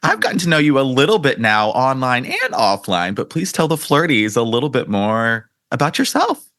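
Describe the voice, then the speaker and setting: A man's voice: medium pitch, wildly swooping pitch, moderate pace, dry recording, studio quality. A man hosting a casual podcast interview in his morning voice, affirming his guest often. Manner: warm, affirming, many "mm-hmm"s. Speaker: podcast host, dating coach.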